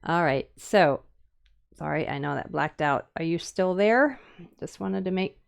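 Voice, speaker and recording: A woman's voice: on the low side, a little slow, creaky. A middle-aged woman from the Upper Midwest with a Minnesota accent, chatting loosely on a live stream as a woodcarving teacher, rambling with fillers and restarts. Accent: Upper Midwest American. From Minnesota and Wisconsin. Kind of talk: casual live-stream chat while demonstrating carving.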